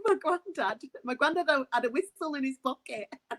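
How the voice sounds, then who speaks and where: A woman sports broadcaster as a podcast guest, telling stories in a bubbly, animated way and laughing often. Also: high voice, brisk, hardly any pauses, poor audio. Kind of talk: casual interview chat.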